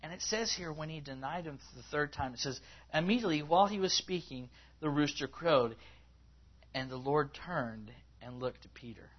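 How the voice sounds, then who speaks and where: A man preaching a conversational sermon to a congregation, acting out people's words in a higher voice as he quotes them. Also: lively intonation, normal speed, husky. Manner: conversational, rising in pitch when acting out quotes. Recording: slightly dull, lo-fi recording.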